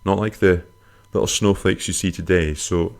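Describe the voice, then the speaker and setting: Low-voiced bloke, comic podcast host, rambling and crude, jumps into squeaky bits for jokes. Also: male voice, fairly even intonation, normal speed, vocal fry. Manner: rambling, crude, self-mocking humor with sudden high-pitched jokey swings. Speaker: podcast host answering listener questions. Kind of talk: casual comic podcast monologue.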